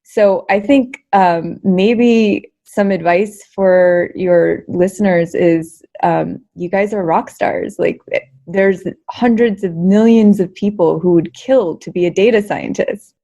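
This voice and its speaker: A young adult woman, a guest researcher and comedian, answering interview questions in an energetic, chatty way, full of fillers and repeated words. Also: medium pitch, slow pace, lo-fi sound.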